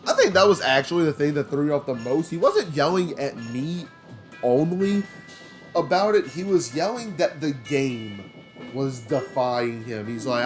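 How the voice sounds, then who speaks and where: A man's voice: mid-range voice, normal speed, soft background music. Rambling young man playing a game. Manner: rambling storytelling with many fillers. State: slightly strained throat. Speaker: let's play host. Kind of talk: casual gaming commentary.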